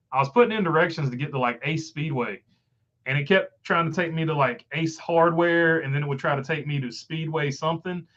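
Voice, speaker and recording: With a mid-range voice that's bright and forceful, a man with a Southern country drawl reads viewer comments during a laid-back live stream. His delivery wanders and is heavy on "uh" fillers. The audio sounds dull.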